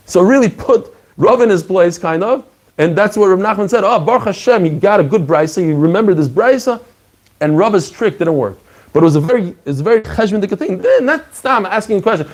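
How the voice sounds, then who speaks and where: Animated man teaching Talmud. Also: high-pitched, brisk. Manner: animated, acts out dialogue, mixes Hebrew and Aramaic terms. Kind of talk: lively Talmud class.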